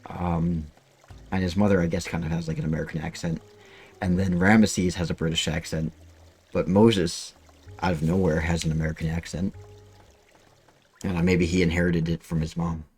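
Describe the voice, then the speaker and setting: Low, husky-voiced male game streamer. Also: level tone, moderate pace, long pauses, darkish tone, faint music behind. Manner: rambling, swears freely. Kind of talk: casual gameplay commentary.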